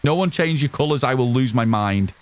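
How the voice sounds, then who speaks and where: A loud, excitable man, chatting casually with his live-stream chat while gaming and swearing freely. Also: medium pitch, fairly quick, a little hiss or hum.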